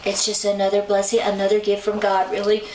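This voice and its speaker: A woman's voice: mid-range voice, brisk. A woman, a songwriter and author, casually telling stories and acting out the people she quotes. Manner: chatty, acts out quoted people with lively shifts in voice. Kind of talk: casual storytelling in an interview. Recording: roomy sound from a distant mic, faint noise.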